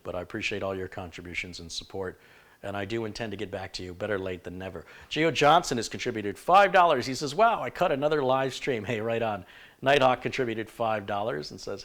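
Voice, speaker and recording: A man's voice: fairly low pitch, fairly bright tone. Plain-spoken man hosting a live stream. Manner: frank, shifting between stern and chatty. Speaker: livestream host.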